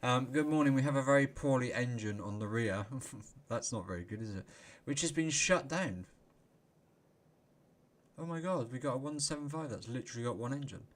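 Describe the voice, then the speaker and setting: A man's voice: medium pitch, normal speed. Chatty man greeting stream viewers. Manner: chatty, greets viewers by name, laughs often. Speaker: livestream host. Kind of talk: casual live-stream chat.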